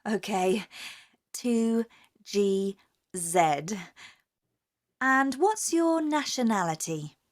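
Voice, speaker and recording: A woman's voice: fairly high pitch, animated, very slow, long pauses. A woman with a British accent playing a polite office clerk who asks questions and reads the answers back in a scripted coursebook dialogue. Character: polite female office clerk issuing a card.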